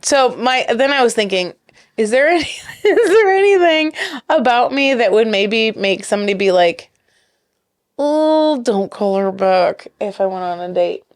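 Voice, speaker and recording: A woman co-hosting a casual podcast chat, telling a story with a giggly, animated manner and acting out the quotes. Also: on the high side, moderate pace, no echo, studio quality. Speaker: podcast co-host.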